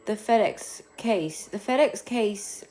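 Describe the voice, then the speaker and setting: A woman's voice: mid-range voice, expressive, slow, darkish tone. A woman hosting a casual phone livestream, chatting loosely and thanking viewers as they come in. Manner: chatty, reads and thanks commenters. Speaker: livestream host.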